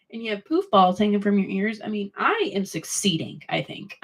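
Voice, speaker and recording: A woman's voice: mid-range voice, huge pitch swings, measured pace, breathy edge. A woman in her thirties hosting a casual chat on her stream, her morning voice crackly and congested, rambling and swearing freely. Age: 30s. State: congested from allergies. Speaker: livestream host.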